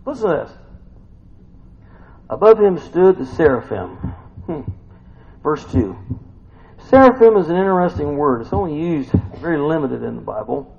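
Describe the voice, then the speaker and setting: A man's voice: on the high side, sing-song, moderate pace, gravelly, pauses often, darkish tone, lo-fi sound. A man preaching a sermon as pastor, folksy and exclamatory, often asking his listeners "huh?".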